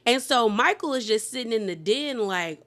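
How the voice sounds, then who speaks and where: Sassy, animated woman recapping reality TV. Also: moderate pace. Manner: animated, laughs often, acts out quotes with pitch jumps; sassy, conversational, heavy use of "like". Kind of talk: casual recap commentary.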